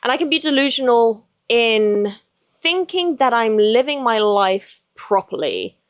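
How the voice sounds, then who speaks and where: A woman's voice: on the high side, big pitch swings, unhurried, no room sound, clean studio sound. Frank, casual woman podcast host. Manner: frank and casual, swears freely, many likes and restarts. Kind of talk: candid personal podcast monologue.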